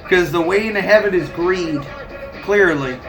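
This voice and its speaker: Over music on a rough recording, a man with a high voice and moderate pace chats on a live stream. He rants and swears heavily, breaking into laughs often.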